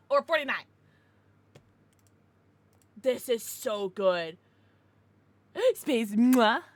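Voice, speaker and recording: A woman streamer chatting casually with her viewers, excitable and swearing freely. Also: on the high side, extremely slow, long pauses, no echo. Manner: laughs and gasps often. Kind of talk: casual livestream chat with viewers.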